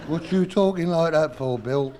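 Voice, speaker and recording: A man voices a dim-witted, lowbrow playwright with slightly high, ungrammatical, common-sounding speech. It is a 1970s radio comedy sketch, with faint hiss behind it. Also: normal speed, lightly acted.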